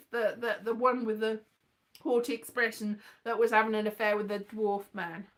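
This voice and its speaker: High, lively woman chatting. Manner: chatty, wandering, thinks aloud, breaks into sing-song. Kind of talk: rambling solo chat.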